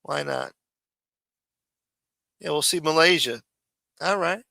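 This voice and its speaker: A man's voice: a little high, expressive, slow, gravelly, sharp tone, no echo. A man hosting a livestream, ranting bluntly and profanely in a lecturing tone. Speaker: livestream host.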